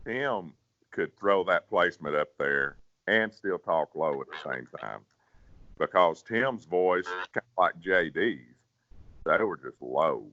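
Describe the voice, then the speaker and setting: A man who sings bass, talking folksy and casual in an interview, often repeating words. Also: lively intonation, takes it slowly, fairly bright tone, no echo. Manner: folksy, repeats words, drops to a growl to demonstrate. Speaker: professional bass singer, guest. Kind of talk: casual interview, giving singing advice. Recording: dull, dry sound.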